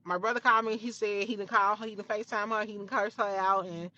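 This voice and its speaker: A young woman recounts a story from her own life in a bright, forceful voice. She talks emphatically, swears freely and circles back over the same phrases. The recording is dry and a little dull. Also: medium pitch, steady tone, fast, no echo. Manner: emphatic, profane, repeats phrases. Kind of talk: storytime retelling.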